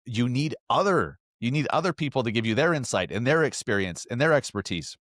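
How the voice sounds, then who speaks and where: A man's voice: mid-range voice, expressive, a little fast, a bit bright, dry recording, clean studio sound. A man hosting a solo podcast, talking earnestly and emphatically with frequent restarts. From Salt Lake area, US. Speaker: podcast host.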